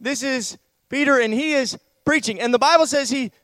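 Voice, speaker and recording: High-voiced man preaching a sermon. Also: moderate pace, no echo. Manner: animated preaching, swings from hushed asides to raised declamation. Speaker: pastor.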